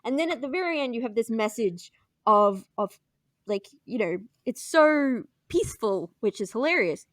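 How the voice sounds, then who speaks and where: A woman chatting casually on a podcast, telling stories in an animated, giggly way. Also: on the high side, moderate pace, dry recording, studio quality. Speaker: podcast co-host. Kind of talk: casual chat.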